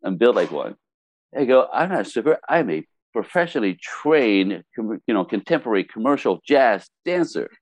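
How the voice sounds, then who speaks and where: Speaking at an ordinary pace in a lowish voice, a middle-aged man with a French Canadian accent recounts a story as a podcast guest. His telling is spirited, punctuated by laughter and quotes acted out in assorted voices, with no audible room sound.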